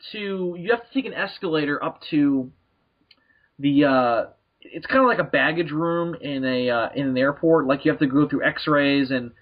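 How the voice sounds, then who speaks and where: A man hosting a comedy podcast, telling a rambling, profane story and acting out the people in it. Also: on the high side. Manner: profane, laughing, acts out people in stories. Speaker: podcast host. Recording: muffled lo-fi podcast recording.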